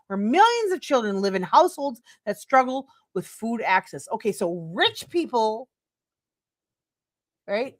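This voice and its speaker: A woman's voice: on the high side, a bit bright. A middle-aged woman streaming commentary, reading a text aloud and breaking into heated, profane, sarcastic rants. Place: home streaming setup.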